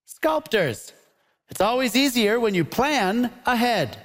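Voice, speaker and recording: A man's voice: very high-pitched, sing-song, takes it slowly. A man hosting a comedy panel show in an upbeat, jokey way, laughing often, on stage before a live audience. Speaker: game show host. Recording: live audience and noise behind.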